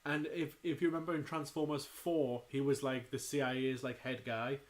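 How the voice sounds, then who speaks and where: A man co-hosting a podcast, chatting casually and throwing in quick jokes. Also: medium pitch, level tone. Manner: chatty, jokey, quick asides. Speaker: podcast co-host. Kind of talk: casual chat.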